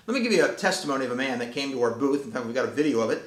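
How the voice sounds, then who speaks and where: A man's voice: mid-range voice, expressive, rapid-fire, few pauses. A man presenting and promoting a children's book in an enthusiastic, folksy way. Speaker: author and presenter. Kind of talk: promotional talk. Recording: roomy echo.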